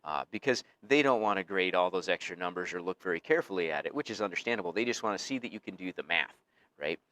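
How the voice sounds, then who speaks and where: A man's voice: deep voice, lively intonation, quick pace, sharp tone, no echo. A male teacher giving a casual recorded lecture, explaining things conversationally with frequent fillers.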